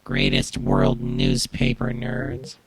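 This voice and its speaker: A man's voice: very deep voice, wildly swooping pitch, slow pace, vocal fry, husky, dry recording, voice pushed down, full character voice, poor audio. A man putting on the nasal, affected voice of a mocking male TV hijacker, run through a buzzy ring modulator pedal. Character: creepy masked male TV hijacker, mocking and unhinged.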